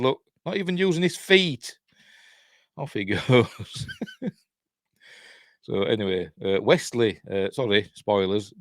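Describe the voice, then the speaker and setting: A man with a fairly low voice talks through a film in a rambling, offhand way, full of sardonic asides and little chuckles. His pitch jumps around a lot as he goes. The sound is dry and close, with no room around him. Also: no echo. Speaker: film reviewer. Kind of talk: casual film commentary.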